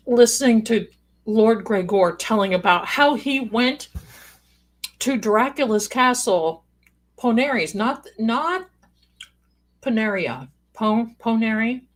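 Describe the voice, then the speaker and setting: A woman chatting on her live stream in a husky, slightly breathy voice, taking her time. She rambles through stories with playful asides and calls her viewers pet names. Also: mid-range voice. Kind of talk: casual live-stream chat.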